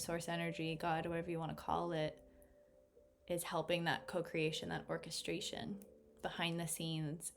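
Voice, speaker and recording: A woman's voice: fairly low pitch, a little hiss or hum. A woman giving a casual tarot reading, bubbly and effusive, laughing often. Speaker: tarot reader.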